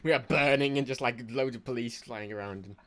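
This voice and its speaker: Self-mocking podcast host. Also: male voice, medium pitch, brisk, crowd noise. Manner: self-deprecating, laughs a lot. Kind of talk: casual chat while gaming live.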